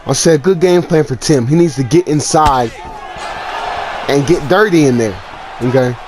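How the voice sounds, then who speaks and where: A man's voice: a little high, normal speed, crowd noise, noisy background. A man giving casual, brash play-by-play commentary on a video game fight and trash-talking a fighter. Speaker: gaming commentator. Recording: music playing underneath.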